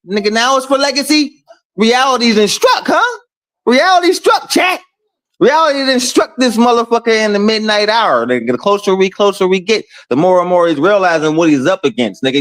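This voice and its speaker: A man hosting a casual boxing talk stream, speaking to his chat in profane, animated trash talk. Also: sits high. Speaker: boxing talk show host.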